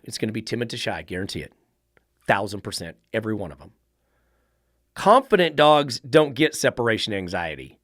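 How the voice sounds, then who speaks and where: A man's voice: mid-range voice, a bit bright, dry recording, studio quality. A middle-aged man, a dog trainer giving a blunt, profane podcast monologue full of rhetorical questions.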